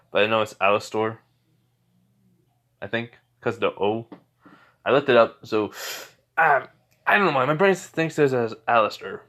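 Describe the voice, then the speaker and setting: A man's voice: medium pitch, a bit bright. Young guy rambling to his viewers, lots of um and you know, keeps correcting himself. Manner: rambling, hesitant, with fillers and self-corrections. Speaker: channel host. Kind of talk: casual vlog intro.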